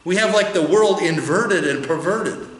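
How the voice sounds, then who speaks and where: A man's voice: sits high, a little slow, a bit bright, a little hiss or hum. A male pastor preaching a conversational sermon, full of rhetorical questions. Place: church. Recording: echoey church sanctuary.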